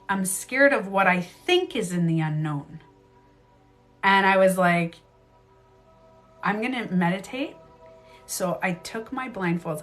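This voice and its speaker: A woman's voice: on the low side, fairly bright tone. A woman casually telling a story on a livestream from a bedroom at home. She uses many fillers and acts out reactions as she talks. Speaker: live streamer and beauty coach.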